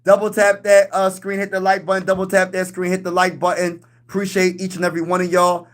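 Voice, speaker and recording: A young man hosts a casual sports livestream, hyping things up, reading chat comments aloud and answering them, and trash-talking other teams. His voice sits high and stays monotone, moving fairly quickly.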